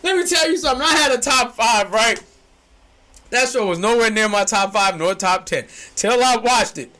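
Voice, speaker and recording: A young man, co-hosting a casual chat that swings from low musing to shouting, laughing excitement. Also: moderate pace. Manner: excitable, shouts and laughs when hyped, slangy. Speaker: podcast co-host.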